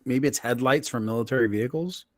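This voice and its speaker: A man's voice: medium pitch, quick pace, no echo, studio quality. A man co-hosting a live-streamed podcast, teasing his partner and walking the audience through a story. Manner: teasing, explains stories to the audience. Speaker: podcast co-host. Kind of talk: casual live-stream chat.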